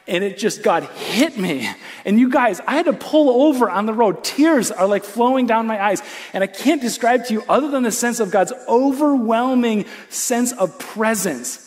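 A male pastor preaching a sermon in an animated, conversational way, full of casual fillers. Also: very high-pitched. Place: church auditorium.

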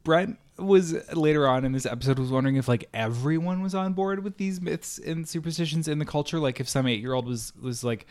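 A man's voice: on the high side, fairly quick, few pauses, a little mellow. A man co-hosting a podcast in casual chat, joking and introducing clips. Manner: jokey, playful, introduces clips. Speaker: podcast co-host.

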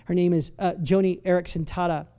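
A pastor preaching a sermon in a church, swinging between quiet reflection and loud, emphatic bursts, often restarting words and adding playful asides. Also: mid-range voice, fairly even intonation, a little fast, clean tone. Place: church service.

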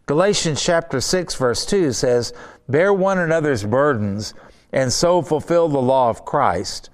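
A middle-aged man preaching a sermon, reading scripture aloud and urging his listeners on with earnest emphasis. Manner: earnest, emphatic, rises in pitch when urging.

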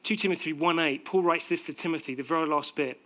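A man preaching a sermon in a conversational, animated way, acting out little quotes as he goes. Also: a little high, fast.

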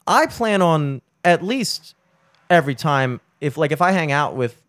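A man's voice: on the high side, a little slow, dry recording, clean studio sound. Rambling young man telling stories. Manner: rambling, animated storytelling with frequent swearing. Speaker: podcast host. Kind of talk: casual chat.

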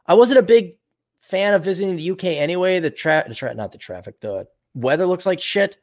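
Rambling man with a lively voice. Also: high-pitched, a little fast. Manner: rambling, crude, self-mocking. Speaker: streamer reading out donations. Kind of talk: casual livestream chat.

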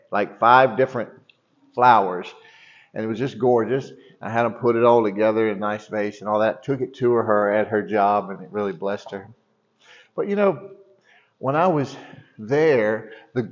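A middle-aged male pastor speaks to his church in a loose, storytelling way, circling back with false starts and fillers. His voice sits at an ordinary pitch. The recording sounds dull and lo-fi. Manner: rambling storytelling, many restarts. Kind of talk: sermon.

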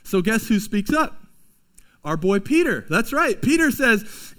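A man's voice: high voice, very animated, unhurried, fairly bright tone. A man preaching a sermon as a pastor, in a casual, conversational way with slangy asides.

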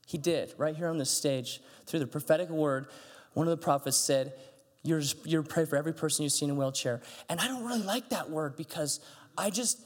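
A middle-aged man preaches from a church stage, his voice sitting high for a man. He tells stories in an animated way and acts out the dialogue as he goes. A long reverb trails off each phrase in the hall. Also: a little fast. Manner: animated, acts out dialogue with big pitch jumps. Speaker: pastor. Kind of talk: sermon storytelling.

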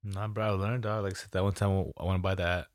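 Slangy low-voiced man, dry close mic. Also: level tone, quick pace, no echo. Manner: loose, slangy and profane, tells stories with quoted dialogue. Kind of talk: casual chat.

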